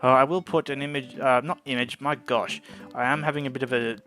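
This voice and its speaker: Guy rambling through a game playthrough, keeps mixing up his words, mid-pitched voice, faint music behind. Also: fairly even intonation, brisk, fairly bright tone. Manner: chatty, often trips over his words. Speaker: gameplay video host. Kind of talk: casual let's-play commentary. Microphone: desk microphone.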